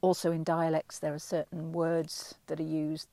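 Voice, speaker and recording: A middle-aged woman from England speaks as a vocal coach being interviewed, explaining her work at an unhurried, thoughtful pace with plenty of ums and restarts. Her voice sits low and carries a gravelly fry. The sound is close and dry. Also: completely flat delivery, warm tone, dry recording. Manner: thoughtful and explanatory, with frequent ums and self-corrections. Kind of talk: relaxed interview answers.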